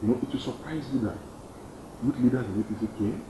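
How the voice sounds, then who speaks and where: A young man with a Nigerian accent, an activist answering interview questions emphatically and repeating his points. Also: fast. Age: young adult. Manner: emphatic, repeats points, lively pitch swings. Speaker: activist guest. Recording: dull roomy studio sound, faint noise.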